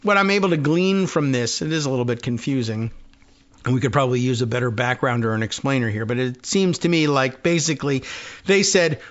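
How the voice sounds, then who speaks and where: A man's voice: medium pitch, brisk, muffled recording. A man hosting a talk show, reading news items aloud and commenting on them in a wry, conversational way. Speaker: radio show host.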